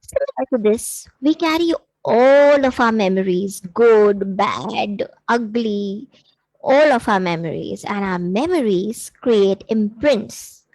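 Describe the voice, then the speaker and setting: A woman's voice: medium pitch, animated, slow, a little mellow, no echo, low-quality recording. Earnest woman coach talking on a live stream. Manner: earnest, coaching, with many fillers. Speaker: intuitive coach and workshop host. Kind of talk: live-streamed workshop talk.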